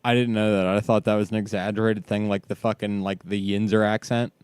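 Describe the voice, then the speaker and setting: A man's voice: on the low side, flat delivery, brisk, darkish tone, clear, resonant tone, no room sound. Ohio dad on a podcast, swears a lot, laughs thru his stories, dry close mic. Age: parent of young kids. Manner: profane, storytelling, laughs often. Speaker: podcast co-host. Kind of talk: casual chat.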